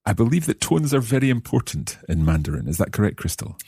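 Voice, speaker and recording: A man's voice: on the low side, very animated, fast talker, creaky, dark tone, husky, dry recording, studio quality. A man, a learner co-hosting a language lesson, who asks curious questions and repeats phrases after the teacher. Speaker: learner co-host.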